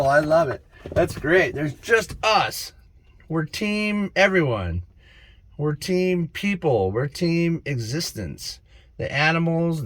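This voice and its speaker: A man giving an excitable, preachy spiritual monologue to camera as a vlogger, laughing at his own stories. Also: on the high side, no echo.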